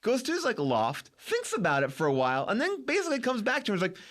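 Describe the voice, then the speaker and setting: Male podcast host; chatty, lively pitch, plays out scenes while recapping. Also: fast. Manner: animated, acts out characters' lines while recapping. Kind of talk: casual movie discussion.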